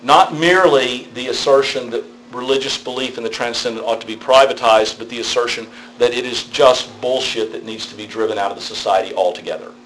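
A man's voice: mid-range voice, brisk, few pauses, a little hiss or hum, poor audio. A middle-aged man, a pastor, giving a conversational theology lecture, checking in with his listeners as he goes. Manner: conversational, animated storytelling with tag questions.

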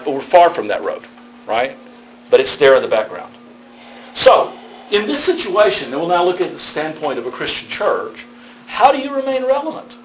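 A man's voice: medium pitch, a little hiss or hum, poor audio. A middle-aged man, a pastor, giving a conversational theology lecture, checking in with his listeners as he goes. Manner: conversational, animated storytelling with tag questions.

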